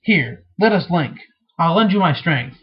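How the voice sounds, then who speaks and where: A composed young woman leader who gives orders firmly and without hurry, read by a man. The voice sits a little high and lively, with a husky grain. The recording is dull and lo-fi. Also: unhurried. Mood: commanding.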